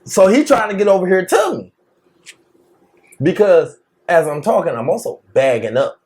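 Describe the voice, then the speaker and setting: A man telling a wild story in casual chat, slangy and animated, laughing often and acting out the quotes. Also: high voice, moderate pace. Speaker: podcast co-host telling a story.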